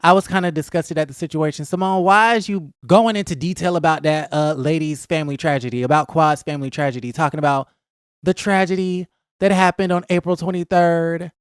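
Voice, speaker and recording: A man hosting his own channel, sassy and animated as he fires off rhetorical questions in casual pop-culture commentary. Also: fairly high pitch, a little fast, clean tone, no echo, clean studio sound. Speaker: host.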